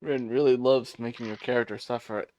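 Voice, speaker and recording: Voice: mid-range voice, fairly even intonation, fairly quick, warm tone, low-quality recording. A player in a tabletop game, teasing in casual chat.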